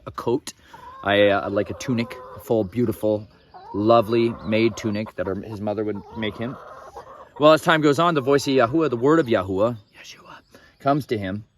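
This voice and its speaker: Chickens cluck behind this fairly low-voiced young man, with slight background noise on the recording. He's a Bible teacher in a farmyard outdoors, casually retelling Bible stories in a rambling, opinionated way and wandering off into digressions.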